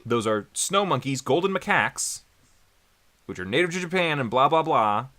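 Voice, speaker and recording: A man's voice: medium pitch, animated, normal speed, pushed and bright. A man co-hosting a casual anime review chat, rambling with many fillers and laughing often. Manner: rambling, laughs often, mimics characters in silly voices. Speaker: podcast co-host.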